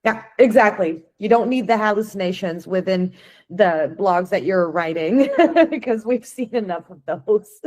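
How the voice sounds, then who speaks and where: A woman's voice: mid-range voice, measured pace, darkish tone. A woman hosting a podcast interview. She asks curious, thoughtful questions in a casual way and sometimes restarts her sentences. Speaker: podcast host.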